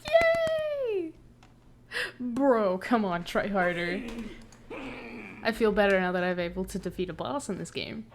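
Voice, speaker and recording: A woman gaming streamer giving excitable let's play commentary with playful trash talk. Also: medium pitch, unhurried, long pauses, background noise.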